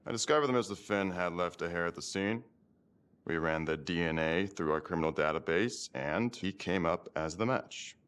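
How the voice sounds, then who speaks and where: An actor playing a male forensics officer who reports facts in a flat, matter-of-fact way. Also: deep voice, normal speed, smooth. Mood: factual.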